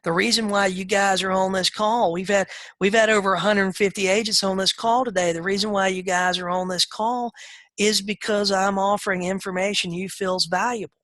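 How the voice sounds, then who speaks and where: Middle-aged male sales trainer, folksy and direct, bright tone, dry close sound. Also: high-pitched, fairly even intonation, normal speed, no room sound. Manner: direct, folksy, acts out seller calls in a raised voice. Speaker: real estate sales trainer. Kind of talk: live webinar coaching.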